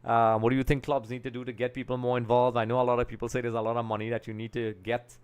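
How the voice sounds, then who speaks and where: This young host from Trinidad and Tobago talks fast in a clean, mid-range voice with a level tone. Running a live football talk stream, he stays casual and somewhat rambling, thinking aloud as he works on screen.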